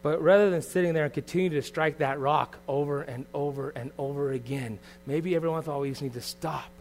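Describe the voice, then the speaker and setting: A middle-aged man preaching a sermon as pastor, earnest and confessional, moving from quiet reflection to loud bursts. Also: fairly high pitch, fast talker, a little hiss or hum.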